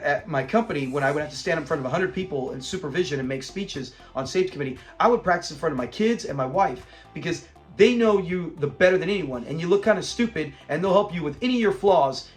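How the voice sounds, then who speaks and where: A middle-aged man casually reviewing a sitcom episode, retelling scenes with laughter. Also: fairly high pitch. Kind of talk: casual commentary.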